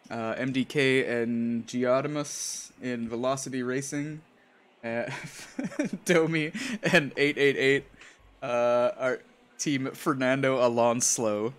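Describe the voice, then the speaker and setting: A man commentating a sim race at an unhurried, drawn-out pace, his voice sitting at an ordinary middle pitch. He jokes with his co-host and laughs easily, and often trips over drivers' names. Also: clean tone. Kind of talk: live sim racing commentary.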